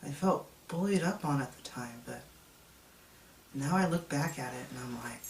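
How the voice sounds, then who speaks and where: A man's voice: mid-range voice, normal speed, slight background noise. A man in his thirties telling his own story in a reflective, confessional way. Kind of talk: personal testimony vlog. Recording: echoey room, mic at a distance.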